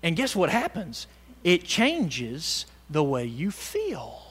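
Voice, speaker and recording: Preacher, male: high, bright voice, animated, rallies the congregation, reverberant church hall. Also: slow pace, husky. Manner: animated, swings from loud exhortation to hushed tones; calls on the congregation to respond. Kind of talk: sermon.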